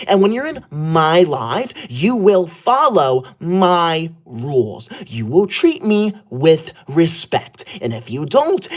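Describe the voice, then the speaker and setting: A man playing a prickly young male livestreamer, forever offended and scolding his chat in a hushed, held-back voice. His pitch bounces all over, rising and dipping with every indignant turn. It plays as a comedy skit of a live stream. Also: full character voice. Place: indoor room upstairs, away from home.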